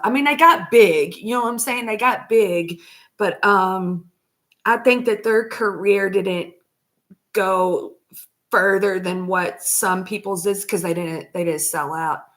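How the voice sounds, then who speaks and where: A woman chatting casually on a vlog, rambling loosely, laughing often and swearing freely. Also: medium pitch. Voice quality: unhurried, trailing talk. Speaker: vlogger.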